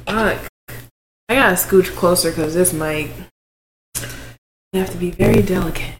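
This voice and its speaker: A woman's voice: fairly low pitch, measured pace. Playful woman with echo and hiss. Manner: playful, reactive, swears casually. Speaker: podcast co-host. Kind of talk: casual chat. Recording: echoey room with clear hiss.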